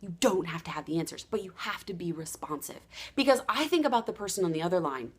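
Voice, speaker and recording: A woman giving a motivational sales training talk, acting out quoted dialogue with lively energy. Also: on the low side, fast, breathy edge. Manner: animated, acts out quoted dialogue. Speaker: sales coach.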